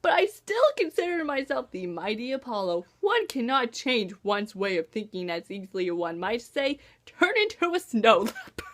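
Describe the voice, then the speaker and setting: A woman's voice: a little high, big pitch swings, normal speed, a bit bright. A woman voicing a vain male god turned mortal teen, reading a book excerpt aloud in a grandly self-important way. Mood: grandiose.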